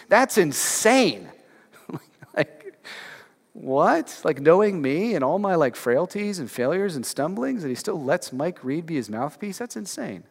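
Guy preaching a sermon, kinda high voice, super casual, lots of "like", keeps firing questions at the crowd, long echoey church hall. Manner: casual and conversational, many "like" fillers; emphatic rhetorical questions to the congregation. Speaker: pastor. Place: church sanctuary.

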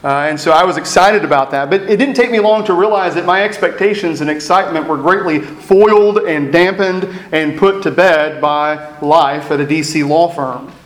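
Pastor preaching in an echoey room. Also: male voice, on the high side, moderate pace, hardly any pauses. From East Texas. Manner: reflective storytelling with self-deprecating humor. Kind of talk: sermon.

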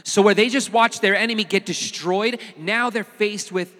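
A pastor preaching a sermon in a casual, animated way, with touches of humor. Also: male voice, high voice, normal speed, long reverb tail.

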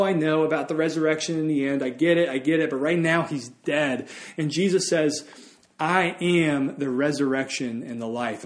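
Man, pastor, sermon, earnest, slightly high voice.

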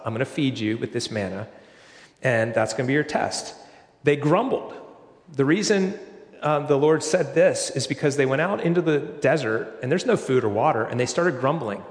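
A man preaching a sermon, explaining scripture in a conversational way and asking rhetorical questions. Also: medium pitch. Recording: echoey hall, long reverb.

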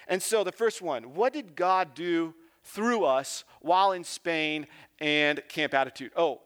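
A man's voice: high voice, a bit bright, clean tone. A man giving a casual sermon as a youth pastor, informal and joking, often asking "right?".

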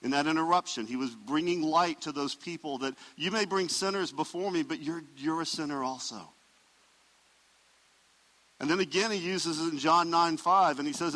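A man preaching a sermon as pastor, emphatic, swelling loud and dropping soft. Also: a little high, normal speed, big-room sound, low-quality recording.

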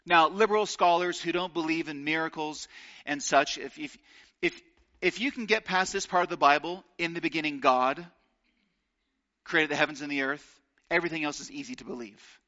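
A man preaching a sermon, earnest and slowing down to stress key phrases. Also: a little high, pushed and bright, highs cut off. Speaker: pastor.

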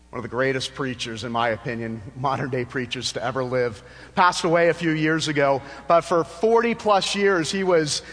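A man's voice: fairly high pitch, a bit bright, long reverb tail. A male pastor preaching a sermon in a church, telling a story with passion and building to fervent appeals. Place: church sanctuary.

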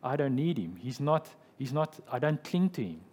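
A man's voice: mid-range voice, sing-song, normal speed, darkish tone. A man preaching a sermon as pastor, explaining scripture and retelling a story in an explanatory way, often checking in with "okay" and "right".

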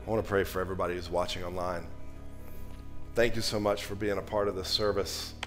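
A man preaching a sermon, moving from loud, emphatic lines to soft, low passages. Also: flat delivery, brisk, faint music behind. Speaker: pastor.

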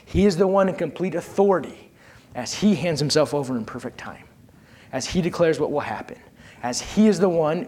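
A man preaching a sermon, telling a personal story and calling on the congregation to respond, his delivery swinging from soft and low to raised and emphatic. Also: expressive, a little fast, breathy edge.

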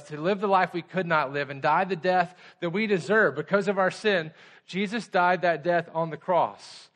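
A man's voice: high-pitched, a bit bright. A middle-aged pastor giving a conversational sermon to children and adults, asking the kids simple questions as he goes.

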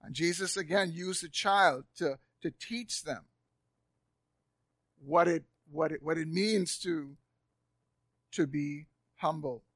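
A man preaching a sermon to a live congregation in a church, repeating words for emphasis and swinging between loud and soft. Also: fairly high pitch, slow pace, long pauses, dry recording. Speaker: pastor.

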